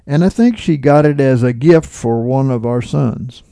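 A man's voice: mid-range voice, moderate pace, gravelly, warm tone, no room sound, studio quality. A man preaching informally as he retells a dream and explains it, checking in with listeners and chuckling at his own remarks. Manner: conversational, checks in with listeners with "right?" and "okay?".

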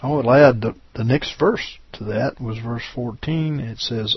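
A man's voice: mid-range voice, a little slow, hardly any pauses, husky, dry recording. A man preaching a sermon, reading scripture verses with rising emphasis and often asking the listeners "right?". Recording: dull lo-fi recording.

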